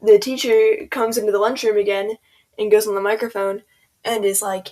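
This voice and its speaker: A woman's voice: medium pitch, flat delivery, moderate pace, darkish tone. A teenage girl rambling casually through a storytime over gameplay, full of "like" and "um", quoting people as she goes. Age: teens. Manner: rambling, filler-heavy, quotes people in voices. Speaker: gaming video creator.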